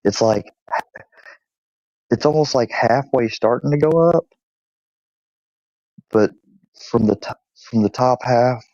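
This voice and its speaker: A man's voice: on the low side, warm tone, no echo, lo-fi sound. A man hosting his channel, telling stories about his dog in a casual, swearing way and slipping into baby talk with the dog. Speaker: channel host. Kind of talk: casual storytelling to camera.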